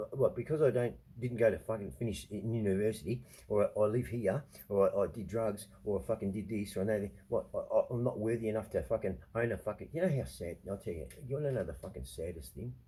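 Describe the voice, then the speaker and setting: A man's voice: fairly low pitch, fast talker, few pauses, mellow, slightly rough. A man talking straight to camera in a rambling personal monologue, swearing often and repeating himself as he defends his feelings. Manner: profane, emphatic, repeats himself; restless, defensive, confiding. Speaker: vlogger.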